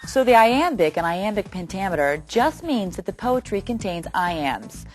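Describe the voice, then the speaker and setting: A woman giving a clear, scripted educational narration. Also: medium pitch, sing-song, normal speed, soft background music. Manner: clear, explanatory.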